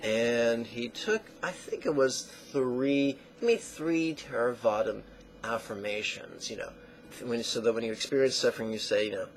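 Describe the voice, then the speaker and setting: A man teaching a guided meditation lesson in slow, deliberate phrases that trail off into soft near-whispers. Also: medium pitch, slight background noise, poor audio.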